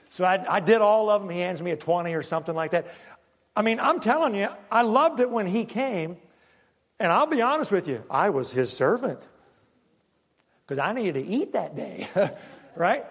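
An older man preaching a sermon and telling stories, moving from loud, emphatic lines to hushed ones. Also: high voice, normal speed. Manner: animated, swinging from loud to hushed. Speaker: pastor. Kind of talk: sermon with personal storytelling. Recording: long hall reverb.

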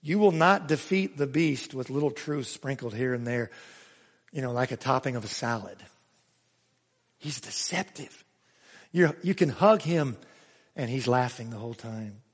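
A male pastor preaching a sermon, emphatic, swinging between raised exclamations and hushed asides. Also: mid-range voice, unhurried, pauses often, big-room sound. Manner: emphatic preaching with sudden rises and hushed drops.

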